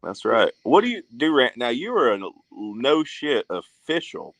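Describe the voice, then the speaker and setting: A man's voice: mid-range voice, sing-song, a little slow, creaky, a bit bright, no room sound, low-quality recording. A man hosting a live fishing stream, trading profane, joking banter with guests. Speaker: stream host. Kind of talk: casual stream chat.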